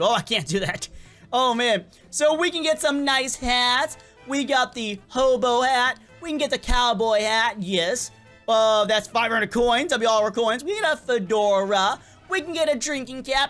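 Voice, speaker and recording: Excitable rambling gaming commentator man. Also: extremely high pitch, moderate pace, faint music behind. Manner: excitable, rambling, stumbles and repeats words. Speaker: gaming YouTuber. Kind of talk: casual gameplay commentary.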